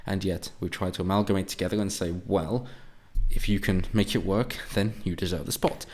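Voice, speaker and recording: A man's voice: sits low, fairly even intonation, brisk, darkish tone. Sarcastic, profane man ranting. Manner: sarcastic, profane, mocks opponents in put-on voices. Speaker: political commentator. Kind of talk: ranting monologue.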